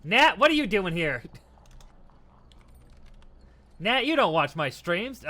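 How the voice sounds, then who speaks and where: A man's voice: sits high, very animated, takes it slowly, sharp tone. A tipsy man streaming a game, rambling casually, laughing and thanking his chat.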